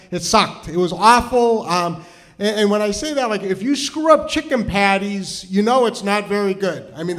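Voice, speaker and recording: A middle-aged man from New Hampshire telling a rambling, self-deprecating comedy story on stage, full of restarts. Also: high voice. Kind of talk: stand-up storytelling.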